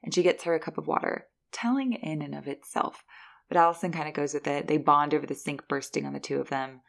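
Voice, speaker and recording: A woman hosting a podcast, giving a chatty, animated recap of a movie. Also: sits low, fast talker, gravelly. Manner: chatty, animated storytelling with laughs. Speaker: podcast host reviewing a film.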